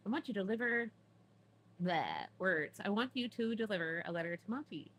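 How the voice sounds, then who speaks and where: A woman's voice: mid-range voice, a little fast, a bit bright, a little hiss or hum, natural voice. A woman reading a chirpy little moogle. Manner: reads game dialogue aloud lightly.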